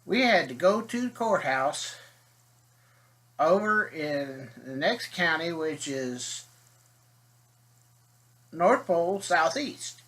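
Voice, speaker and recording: A man's voice: on the high side, animated, slow pace, long pauses, fairly bright tone. A man telling a rambling, folksy comic story as a video host.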